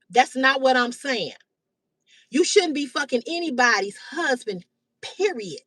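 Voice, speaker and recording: A woman in her fifties hosting a live stream, talking bluntly and loudly with heavy cursing. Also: high-pitched, no room sound, distant mic, low-quality recording. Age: 50s. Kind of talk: profane casual live-stream rant. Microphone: phone or webcam on a live stream.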